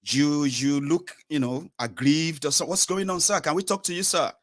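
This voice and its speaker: Guy doing a soft-spoken reporter, a bit higher than his own voice, all polite asks. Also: moderate pace, lightly acted. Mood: coaxing. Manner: polite, coaxing questions. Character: polite male street reporter.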